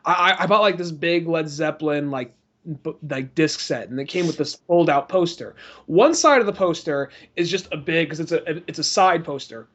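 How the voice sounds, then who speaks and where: A man with a fairly high voice rambles through a story on a podcast, piling up fillers and restarts. The audio is dull and lo-fi. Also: lively intonation, moderate pace, fairly bright tone. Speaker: podcast co-host. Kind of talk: casual chat.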